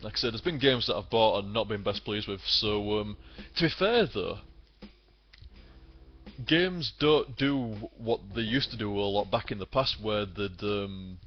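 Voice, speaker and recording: A man's voice: on the low side, unhurried. A British man in his twenties, a gaming streamer, ranting bluntly and swearing a lot in casual commentary. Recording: slightly dull lo-fi sound.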